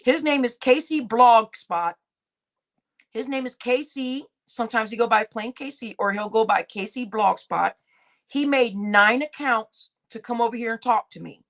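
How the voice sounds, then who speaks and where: A woman with a fairly high voice speaks a little slowly while hosting a casual live stream rant. She's blunt, slangy and profane, scolding people and laughing between remarks.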